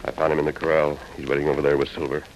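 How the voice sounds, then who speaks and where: An actor playing a calm, commanding masked lawman hero in a vintage radio drama. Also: extremely low pitch, very fast. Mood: firm. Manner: firm, commanding. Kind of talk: 1940s radio acting. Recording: dull hissy vintage radio recording.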